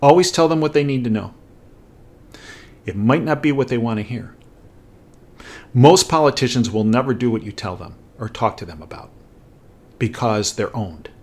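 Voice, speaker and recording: A middle-aged man hosts a talk show and tells a personal story with real animation. His pitch swings up and down as he acts out each person in it, all in a middle-pitched voice. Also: normal speed, long pauses. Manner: animated storyteller acting out dialogue. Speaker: host.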